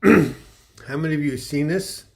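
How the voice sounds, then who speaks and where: A man's voice: a little high, unhurried, creaky, a little mellow. An older man in his seventies chats on a casual livestream, wandering from one joke to the next as he greets viewers by name. His throat sounds a little dry. He speaks from home into a computer mic. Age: 70s. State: dry throat with occasional coughing. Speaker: livestream host.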